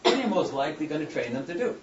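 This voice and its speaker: A man's voice: a little high, sing-song, rapid-fire, roomy sound, heavy background noise. A man lecturing a class in a conversational way, often asking rhetorical questions. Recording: dull distant classroom recording.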